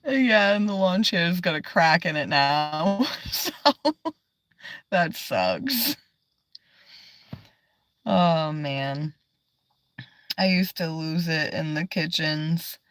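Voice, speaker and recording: A woman's voice: sits low, lively intonation, very slow, long pauses, fairly bright tone, dry recording, clean studio sound. A woman livestreaming from inside her car, chatting casually, swearing often and laughing a lot as she rambles.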